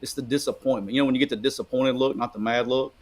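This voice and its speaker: A middle-aged man from Alabama chats casually about sports as a co-host. He tells long, meandering stories, often restarting his sentences. His voice sits at an ordinary pitch for a man. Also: fast talker. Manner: rambling, animated storytelling with restarts.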